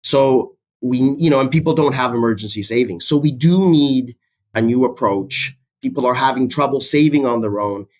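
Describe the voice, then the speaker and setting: A man, a business professor explaining his ideas as a podcast guest in a steady way, citing many figures. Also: medium pitch, normal speed. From Canada. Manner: steady, fact-heavy, cites statistics, repeats key phrases.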